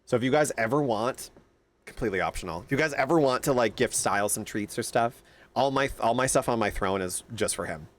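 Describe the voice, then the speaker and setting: A man streaming a game live, chatting casually with loud, excitable outbursts. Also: medium pitch, brisk. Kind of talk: casual live-stream chat over gameplay.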